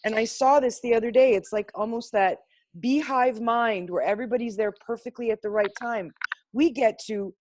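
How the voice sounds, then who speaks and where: Over a video call, a woman sharing insights as a class participant gives an impassioned talk to a spiritual group, speaking bluntly and emphatically and swearing freely. Her fairly high, slightly mellow voice moves at a normal speed, recorded dry and close with no room sound or echo.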